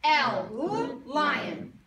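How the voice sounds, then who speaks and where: A woman teaching young children a phonics lesson in a classroom, modeling sounds slowly and prompting call-and-response with encouraging praise. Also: sits high, wildly swooping pitch, a crowd in the background. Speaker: elementary school teacher. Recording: echoey room from far off.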